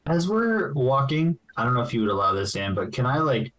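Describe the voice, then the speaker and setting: A man's voice: mid-range voice, sing-song, fairly quick, a bit bright, poor audio. A man playing a tabletop role-playing game, asking tentative questions and describing his character's actions. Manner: tentative, asks with fillers. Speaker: player. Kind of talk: casual tabletop game chat.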